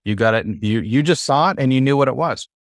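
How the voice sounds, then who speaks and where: A man teaching a Hebrew class over a video call, patient and encouraging, slowing down to spell out sounds. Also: medium pitch, animated, no echo, clean studio sound.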